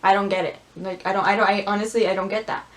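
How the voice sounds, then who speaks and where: A woman vlogger reading aloud and chatting casually, gushing and squealing with excitement. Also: mid-range voice, fast talker. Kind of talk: casual script-reading commentary.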